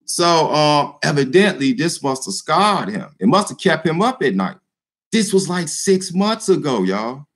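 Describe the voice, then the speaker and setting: A man hosting his own video channel, talking straight to his viewers in a joking, animated way. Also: a little high, measured pace. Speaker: YouTube channel host addressing viewers. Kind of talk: casual vlog commentary.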